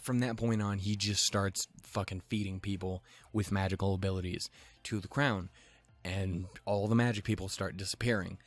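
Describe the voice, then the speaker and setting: A young man recapping an animated episode in casual, rambling commentary, swearing freely and wandering into jokey asides. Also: fairly low pitch. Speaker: video reviewer.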